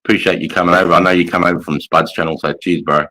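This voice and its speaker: Australian army veteran host, deep voice, swears freely, relaxed storytelling. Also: male voice, rapid-fire, rough recording. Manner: blunt, profane storytelling. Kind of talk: casual livestream chat.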